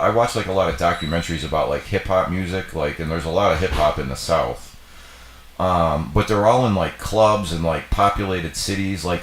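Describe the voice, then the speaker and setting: Deep-voiced rambling man, echoey room. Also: fairly bright tone. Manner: rambling, fillers and swearing. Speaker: livestream co-host. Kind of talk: casual chat.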